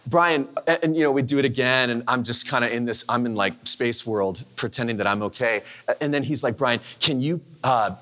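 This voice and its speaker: A man's voice: medium pitch, brisk, bright, forceful tone. A man in his thirties preaching a sermon, telling a personal story in a candid, conversational way with frequent restarts. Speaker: pastor.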